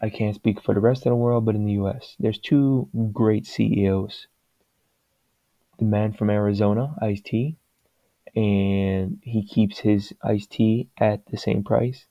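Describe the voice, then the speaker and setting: Man, low pitch, plain-spoken rambling opinion vlog; dry, dull lo-fi recording. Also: steady tone, unhurried, dry recording. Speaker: vlogger giving his opinion. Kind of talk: casual opinion monologue.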